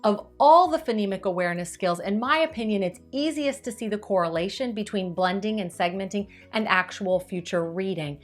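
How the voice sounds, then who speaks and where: Woman, clear upbeat teacher voice, slows to sound out words, soft music underneath. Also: mid-range voice, animated. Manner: clear, upbeat teacherly delivery with slow demonstrative stretching of words. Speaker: teacher giving tips to parents. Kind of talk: instructional video.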